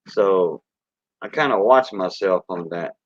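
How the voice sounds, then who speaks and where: A man's voice: deep voice, no room sound. Older Cajun man, folksy drawl. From South Louisiana. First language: Cajun French. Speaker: host. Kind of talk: casual livestream chat. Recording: dull dry lo-fi sound.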